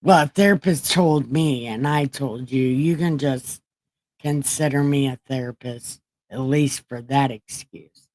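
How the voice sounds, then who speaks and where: A woman's voice: very deep voice, unhurried, a little mellow, no room sound. A woman hosting a casual livestream, reading scripture in a rambling, profane, self-mocking way. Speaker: livestream host.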